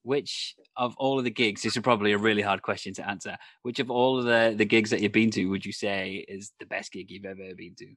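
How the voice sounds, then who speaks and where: A man's voice: lowish voice, fairly even intonation, a little fast, hardly any pauses, fairly bright tone, dry recording. A man hosting a casual interview, asking friendly questions and laughing along. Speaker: interview host.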